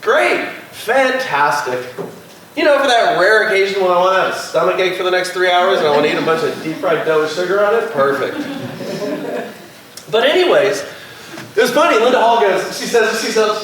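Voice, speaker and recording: A man's voice: high voice, lively intonation, quick pace, fairly bright tone. A man from California, a guest speaker at a class, telling chatty anecdotes to the room, acting out quotes and laughing often. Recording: echoey room, voice far from the mic, faint background noise.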